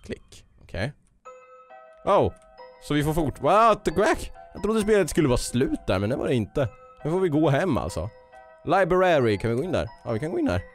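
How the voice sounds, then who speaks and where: A man commenting excitedly while playing a game and reading its text aloud. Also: on the high side, fairly quick. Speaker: let's play youtuber. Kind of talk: gaming commentary. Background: game music.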